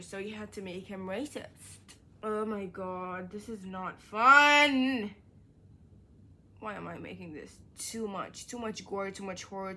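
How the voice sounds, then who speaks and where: A woman's voice: on the low side, a bit bright, a little hiss or hum. A young woman, a book vlogger, reading reviews aloud and reacting with exasperated rants. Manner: exasperated, ranting, quick to get worked up.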